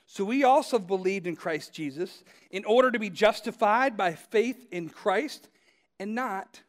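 A pastor preaching a sermon, talking to listeners directly in a conversational storytelling way and repeating phrases for emphasis. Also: male voice, sits high, lively intonation, unhurried.

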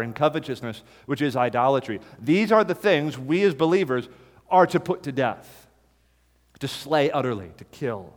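Pastor, male, fairly high voice, forceful repeated imperatives, sermon in a reverberant hall. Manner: emphatic, hammering repeated imperatives.

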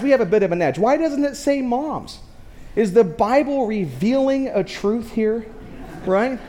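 A male pastor with a notably high-pitched voice delivers a sermon. He tells stories with lively energy and keeps speaking straight to the congregation. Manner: lively storytelling, addresses the congregation directly.

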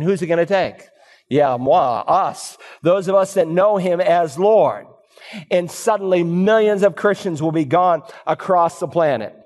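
A man's voice: sits high, darkish tone. A male pastor preaching a sermon, driving points home with rhetorical questions and emphatic repetition. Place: church sanctuary. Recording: reverberant church hall.

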